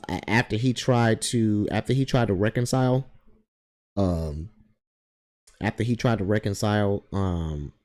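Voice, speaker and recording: Low, mellow-voiced man telling a rambling story. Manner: rambling, circling back and repeating himself. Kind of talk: casual personal storytelling.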